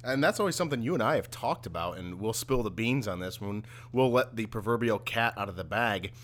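A man co-hosting a laid-back conversation, his voice sitting somewhat low. He often stumbles into sentences before settling. The delivery is easygoing and unscripted. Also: fairly quick. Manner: relaxed, stumbling starts. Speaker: podcast co-host. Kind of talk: casual chat.

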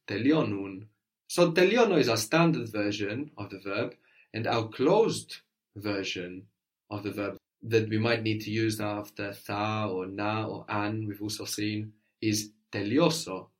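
Male language tutor, slightly low pitch, patient and encouraging, explains step by step. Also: unhurried. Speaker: language teacher. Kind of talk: audio language lesson.

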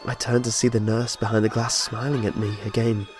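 A man's voice: lowish voice, level tone, fairly quick. A man telling a first-person horror story with tense, dramatic narration. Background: faint music.

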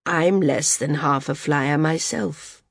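A woman voicing an impassive older woman teacher who speaks evenly, calmly and firmly. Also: sits low, measured pace, vocal fry, breathy edge, no room sound, clean studio sound, exaggerated voice. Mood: quiet. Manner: calm, even, cool and firm.

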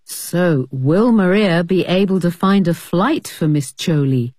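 Brief: a lowish, mellow female presenter narrating a lesson, dry studio sound. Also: measured pace, slightly rough, no room sound. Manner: asks the listener questions about the scene.

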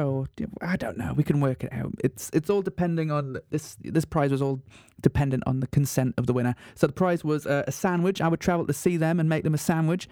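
A man's voice: on the high side, dark tone, no room sound, studio quality. A man presenting a radio show in a mock-serious, self-mocking monologue. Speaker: radio host.

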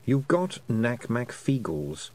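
A man reading an audiobook, voicing a small talking toad with a dry, slow, matter-of-fact manner. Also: mid-range voice, sing-song, darkish tone. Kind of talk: audiobook character voice.

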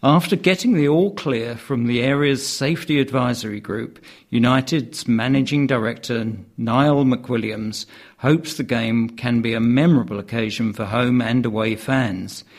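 A man's voice: medium pitch, normal speed. A man reading local news items aloud in a plain manner, with the odd wry aside. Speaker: news reader.

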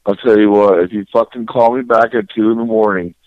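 A very deep-voiced man answers a late-night call and talks in a blunt, gruff way. His voice comes through a dull, muffled phone line. The sound is dry, with no room echo. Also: fairly even intonation, a little fast. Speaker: prank call target. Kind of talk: annoyed phone conversation.

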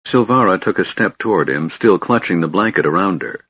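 A man narrating a fantasy novel in a measured, steady way. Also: deep voice, breathy edge, no room sound, highs cut off. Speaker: audiobook narrator.

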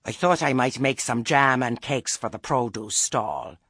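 A man's voice: medium pitch, unhurried, a bit bright, breathy edge, no room sound, clean studio sound. A man voicing a stern elderly witch who is acting oddly sweet, with prim, earnest, clipped rural speech.

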